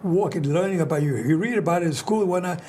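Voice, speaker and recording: Fast-talking older man, rambling host. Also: sits high, warm tone, slight background noise. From New York. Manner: rambling, restarts often, storytelling. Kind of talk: casual chat.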